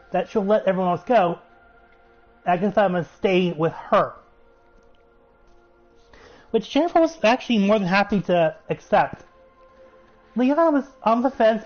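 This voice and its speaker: Man, high voice, casual recap, excitable, muffled audio with faint music. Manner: chatty, excitable, laughs while retelling. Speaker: show reviewer.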